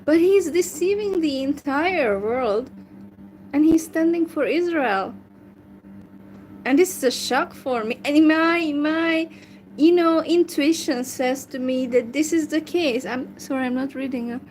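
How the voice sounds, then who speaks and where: A woman talks slowly and haltingly, filling her pauses with ums and restarting her sentences. Her voice sits fairly high. She shares her opinions in a casual, conversational way. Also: a little mellow, slight background noise, rough recording. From Hungary. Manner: hesitant, many fillers and restarts. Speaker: language learner chatting with strangers.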